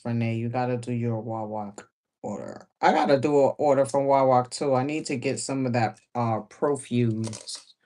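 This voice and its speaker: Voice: mid-range voice, warm tone. A sewing livestream host chatting casually while working, laughing often and repeating phrases.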